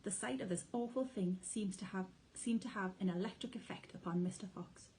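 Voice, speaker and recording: Mellow-voiced teacher reading a storybook. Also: female voice, medium pitch, fairly quick, slight background noise, poor audio. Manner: clear, expressive storytelling. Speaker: primary school teacher. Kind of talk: storybook read-aloud.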